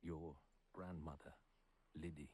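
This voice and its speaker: An actor playing a weary, grieving old grandfather who was once a hero, speaking low and brooding, often near a whisper. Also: fairly even intonation, slow pace, mellow, husky, full character voice. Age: older.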